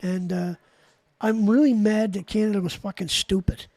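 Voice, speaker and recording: A man's voice: high-pitched, fairly even intonation, moderate pace, a little mellow, no echo. A man streaming live, ranting in a heated, profane, rambling way to his chat. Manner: rambling with frequent restarts. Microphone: desk mic while gaming.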